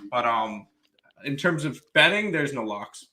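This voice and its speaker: A man's voice: mid-range voice, lively intonation, a little slow, sharp tone. A man co-hosting, joining the chat in an easygoing, wry way. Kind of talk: casual chat.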